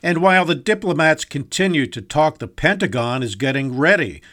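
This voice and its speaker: A man's voice: on the high side, lively intonation, moderate pace, a bit bright. Emphatic male news anchor. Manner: emphatic, punchy delivery. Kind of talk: scripted news reading.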